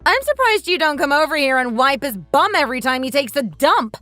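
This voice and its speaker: A woman voicing a fed-up, sharp-tongued daughter-in-law who fires back with sarcastic, cutting remarks, in a dramatized text-story reading. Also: high voice, sing-song, a little fast, no room sound, faint music behind, heavily acted. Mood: mocking.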